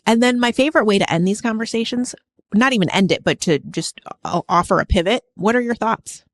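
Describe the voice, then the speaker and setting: A woman co-hosting a relaxed podcast chat, calm and affirming and quick to laugh. Her voice sits in a middle register. The recording is dry and close, with no room sound. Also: mid-range voice, no echo. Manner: measured, affirming, laughs easily. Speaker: podcast co-host. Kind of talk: casual podcast conversation.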